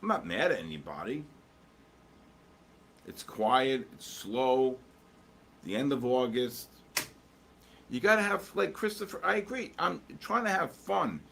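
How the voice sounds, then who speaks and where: Man at a medium pitch, casual live commentary, rambling and jokey, talks to chat while watching charts, faint background hum. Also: big pitch swings, a little slow, vocal fry, pauses often, fairly bright tone. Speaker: livestream host.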